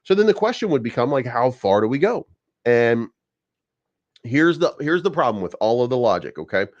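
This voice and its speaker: A man's voice: mid-range voice, big pitch swings, normal speed. A man hosting a crypto channel, giving rambling, profane market commentary with many restarts. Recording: dull lo-fi sound.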